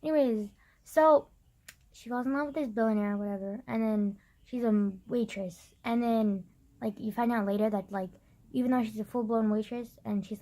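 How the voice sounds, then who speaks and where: A woman's voice: mid-range voice, a little mellow. A young woman ranting casually into the camera, exasperated and sarcastic, filling her speech with "like" and the odd swear. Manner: mocks others in exaggerated put-on voices. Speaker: vlogger. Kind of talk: casual rant.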